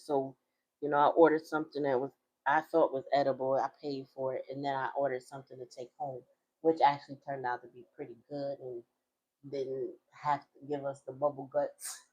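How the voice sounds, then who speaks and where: A middle-aged woman, host of her own channel, chatting casually and telling a story in a slangy, laughing way. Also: low-pitched. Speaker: tarot reader and channel host. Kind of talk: casual chat.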